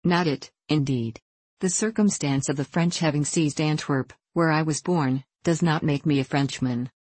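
A proud young mill owner speaks with dry irony as a woman reader voices him. Her voice stays low, recorded close with no room sound. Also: moderate pace, a little mellow, breathy edge, no room sound, rough recording. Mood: wry. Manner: dry and ironic.

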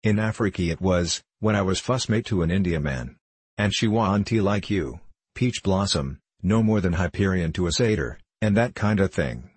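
A kindly old sea captain from a storybook, meek and fond, voiced by a man who drawls his words in a rustic way and drops his endings. The voice sits very low and slightly husky. It is dry and close. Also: animated, moderate pace, dry recording.

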